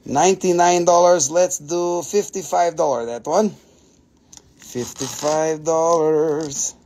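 A man hosting a live crystal sales stream, excitable and gushing, with casual swearing as he rattles off prices. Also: high-pitched, normal speed, slight background noise.

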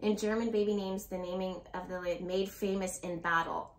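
A woman's voice: mid-range voice, fairly even intonation, normal speed. A woman giving a casual tarot reading to her viewers. She talks in a rambling, blunt way, swears now and then, and laughs nervously. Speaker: tarot reader. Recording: roomy echo.

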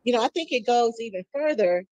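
A woman's voice: fairly high pitch, animated, a little fast, darkish tone, no room sound. A woman adding her thoughts in a Bible study discussion, speaking in a thoughtful, conversational way. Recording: dull dry audio.

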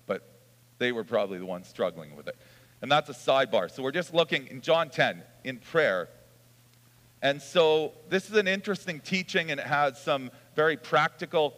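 A man's voice: medium pitch, a bit bright. Man preaching in a reverberant hall. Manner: casual storytelling with chuckles and restarts. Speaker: pastor. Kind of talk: sermon with scripture reading. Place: church hall.

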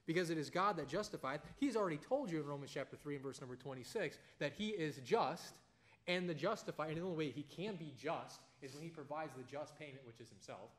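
A man leads an informal Bible study at a quick clip, his voice sitting a little high. He talks like he is chatting with friends, slipping into stories and animated asides. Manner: conversational, tells anecdotes, animated asides. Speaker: Bible teacher.

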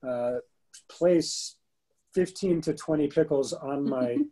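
A man in his thirties co-hosting a podcast, telling an animated story in a casual chat. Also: a little high, slow, rough recording. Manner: animated storyteller, bursts into rapping. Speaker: podcast co-host.

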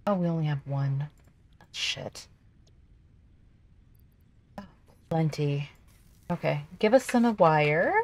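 A woman with a slightly low voice hosts a gameplay video. She chats casually and excitably, talking to herself as she plays. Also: slow, long pauses. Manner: chatty, excitable, talks to herself while playing. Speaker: gaming video host.

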